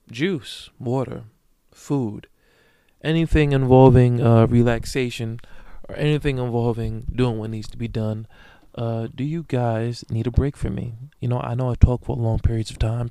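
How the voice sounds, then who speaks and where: A man's voice: medium pitch, warm tone, no room sound. A man hosting his own podcast in a casual solo monologue, brash, profane and joking as he talks straight to his listeners. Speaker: podcast host.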